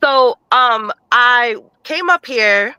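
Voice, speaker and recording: Stuffy-voiced woman with a cold, bright tone. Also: a little high, animated, drawn-out words, smooth, no room sound, poor audio. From Puerto Rico. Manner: insistent, talks over others, repeats words. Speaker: caller joining a live chat. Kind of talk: casual argumentative chat.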